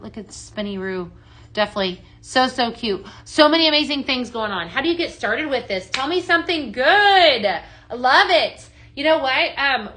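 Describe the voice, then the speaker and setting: A woman's voice: fairly high pitch, a bit bright. A woman consultant hosting a live product show, gushing and chatty, with lots of "just saying" and "right?". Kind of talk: upbeat live sales chat, reading viewer comments.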